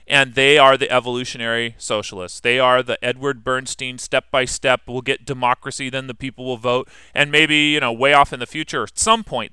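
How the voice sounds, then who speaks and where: Guy lecturing a class, bright crisp voice, chatty and asks the room questions. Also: medium pitch, no echo, clean studio sound. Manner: conversational, explains with questions to the class. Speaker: history teacher.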